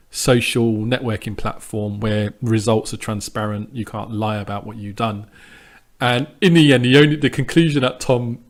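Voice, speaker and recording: A man who runs a sports trading channel, giving a casual spoken update that is full of ums and restarts and pushes back at his critics. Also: mid-range voice. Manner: conversational with frequent ums and restarts; defiant, dismissive of critics. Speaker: sports trader vlogger. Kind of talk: casual monologue to camera.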